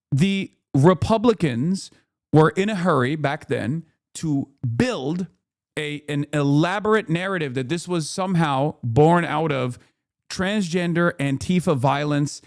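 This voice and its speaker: Higher-voiced man ranting on stream. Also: dry recording, clean studio sound. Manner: emphatic and profane, lots of fillers and restarts. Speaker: streamer and political commentator. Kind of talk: casual commentary rant.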